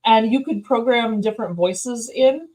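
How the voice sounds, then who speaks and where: A woman chatting casually over drinks, animated and giggly as she tells stories. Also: fairly high pitch, normal speed, rough recording. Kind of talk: casual chat over beers.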